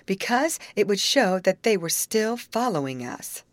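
A woman voicing a gentle young woman who speaks earnestly. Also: medium pitch, big pitch swings, a little slow, no echo, pitched above the performer's own voice. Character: gentle young woman, quick to defend others.

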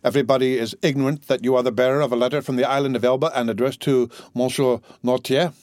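A man voicing a stern male magistrate, speaking in a measured, stiff and formal way. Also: mid-range voice, steady tone, a little mellow, dry recording, clean studio sound, lightly acted. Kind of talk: audiobook character voice.

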